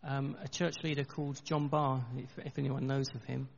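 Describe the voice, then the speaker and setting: Gravelly man preaching in a church. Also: medium pitch, little pitch movement. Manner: earnest, conversational with halting restarts. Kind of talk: sermon. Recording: dull, long reverb in a church hall.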